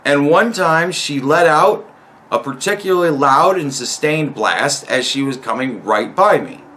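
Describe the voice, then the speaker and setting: A man's voice: fairly high pitch, expressive, a little slow, sharp tone. A young man telling a long, rambling story about a coworker in a profane, exasperated way. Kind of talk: casual storytelling rant.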